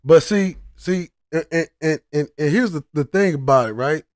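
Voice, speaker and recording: Heated, profane man with a high voice. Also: normal speed, darkish tone, dry recording, clean studio sound. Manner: profane, heated, with many restarts. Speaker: channel host. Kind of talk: casual reaction commentary.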